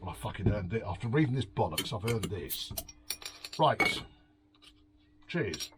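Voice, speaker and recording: A man's voice: lowish voice, lively intonation, measured pace, long pauses, slight background noise. A man hosting a beery home review, reading out an article and mocking it with sighs, swearing and sarcasm. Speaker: host. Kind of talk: drunken rambling review. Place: home, drinking beer.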